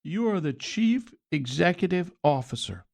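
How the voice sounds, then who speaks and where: A man's voice: sits high, very animated, unhurried, creaky. A man hosting talk radio, delivering scornful, sarcastic political commentary. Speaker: radio talk show host.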